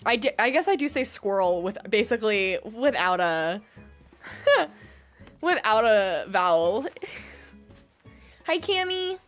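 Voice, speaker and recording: A woman's voice: mid-range voice, very animated, slow, long pauses, fairly bright tone, faint music behind. A young woman streaming a game, chatting casually with viewers, giggling and musing about how words are pronounced. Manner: bubbly, giggly, reads out chat and muses on word pronunciations. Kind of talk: casual livestream chat with viewers.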